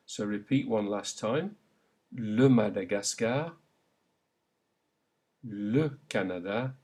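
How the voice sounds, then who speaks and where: A man's voice: medium pitch, darkish tone. A man narrating a beginner's language lesson, carefully enunciating and prompting the listener to repeat after him. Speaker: language teacher.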